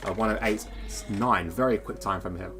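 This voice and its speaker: This live sim-racing broadcast has a man commentating over music in a lowish voice at a normal speed. He rambles in a chatty way, calling out standings and poking fun at himself along the way.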